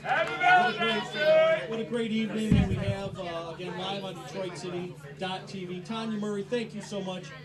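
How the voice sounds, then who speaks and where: A man hosting a live comedy broadcast, closing the night with a quick, upbeat sign-off full of fillers. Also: high-pitched, fairly even intonation, over loud music. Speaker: show host. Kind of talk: closing announcements. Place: tavern showroom, live audience. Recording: distant mic with loud crowd.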